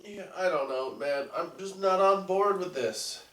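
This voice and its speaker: A man's voice: high-pitched, a little slow, a bit bright. A man co-hosting a podcast, chiming in casually with dry, joking asides. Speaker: podcast co-host. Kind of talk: casual wrestling chat. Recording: roomy, distant mic.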